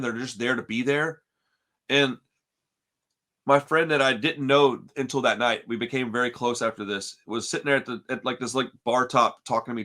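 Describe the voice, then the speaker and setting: A man hosting a podcast, telling a story in casual, profane chat and calling everyone "dude". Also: medium pitch. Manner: animated, profane, says "dude" constantly. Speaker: podcast host.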